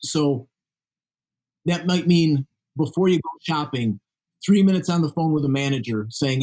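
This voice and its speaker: A man's voice: on the high side, animated, normal speed, long pauses, mellow. A man being interviewed as a guest author, explaining his views in an earnest, conversational way.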